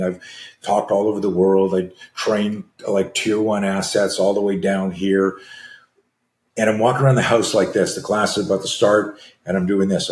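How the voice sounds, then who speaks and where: A man in his sixties, a self-defense coach telling a story as a podcast guest, animated and acting out dialogue with frequent restarts. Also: sits low, roomy sound.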